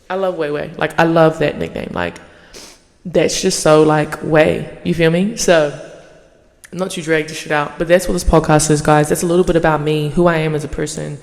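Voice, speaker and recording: A young woman hosting her podcast in a casual monologue, swearing freely and yapping in an animated way. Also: low voice, long reverb tail. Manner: profane, animated, fast yapping. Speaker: podcast host.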